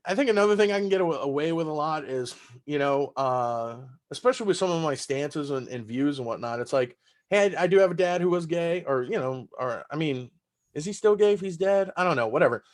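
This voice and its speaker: On a casual podcast, a Southern-accented stand-up from Texas tells loose, profane stories punctuated by laughter. His voice is on the high side and his delivery brisk.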